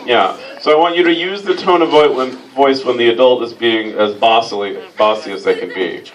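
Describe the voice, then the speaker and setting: A man hosting a comic stage reading, teasing his volunteers in a dry, mock-pompous deadpan. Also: mid-range voice, a little fast, dull audio. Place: stage before a live audience. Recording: distant mic, loud crowd laughter and noise.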